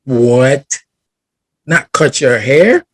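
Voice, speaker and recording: A young man co-hosting a casual podcast chat, telling stories with lively, acted-out quotes. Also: medium pitch, drawn-out words, no echo. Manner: animated storytelling, acts out quoted voices. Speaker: podcast co-host.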